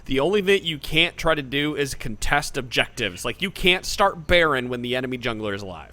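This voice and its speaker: A man's voice: medium pitch, animated, a little fast, sharp tone. A man in his thirties hosting a casual gaming podcast, joking around and swearing casually. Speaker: podcast host.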